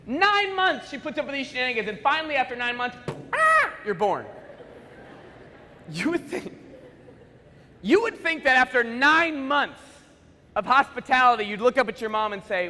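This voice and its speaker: A bright, high-pitched man speaks to a school assembly in a big echoing hall, and the long reverb trails after his words. He jokes and acts out quick snatches of dialogue as he tells his stories. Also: very animated, a little hiss or hum. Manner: playful, joking storyteller acting out quick dialogue. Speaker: motivational speaker.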